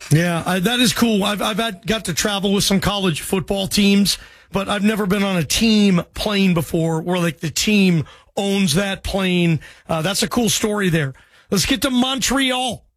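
High-voiced man hosting sports radio. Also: unhurried, no echo. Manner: friendly, chatty. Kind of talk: radio call-in show.

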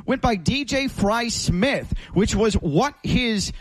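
A man's voice: sits high, expressive, takes it slowly. A man co-hosting a sports talk show, a former college player who breaks down the game in an agreeable, analytical way. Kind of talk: casual sports radio chat.

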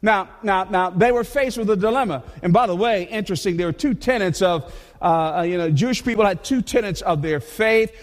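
A man preaching a sermon in a conversational, animated way, often restarting his sentences. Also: high voice, fairly quick, in a large hall. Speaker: pastor. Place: church.

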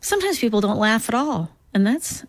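A woman's voice: fairly high pitch, big pitch swings, a little fast, no echo. A woman from Minnesota, a comedian guest chatting casually in a rambling, self-deprecating way and slipping into voices. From Minnesota, USA. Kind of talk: casual interview chat.

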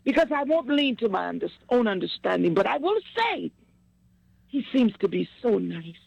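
Gravelly, effusive woman preaching. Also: a little high, very animated, normal speed, dry recording, highs cut off. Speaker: singer sharing news with family. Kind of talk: casual chat.

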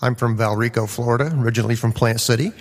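A man's voice: mid-range voice, steady tone, fast, long reverb tail, heavy background noise. A man in a live audience politely asking about a psalm verse. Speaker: audience member asking a question.

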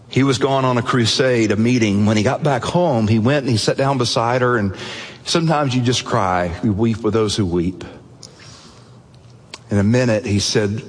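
A man preaching a sermon, telling a story earnestly and dropping low and soft at the emotional moments. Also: normal speed, breathy edge, big-room sound. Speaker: pastor.

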